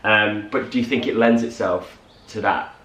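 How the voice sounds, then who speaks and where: On a roomy recording with a distant mic and faint hiss, a young male co-host rambles through a casual morning chat at a moderate pace. His voice is on the low side, and he animatedly acts out small quotes.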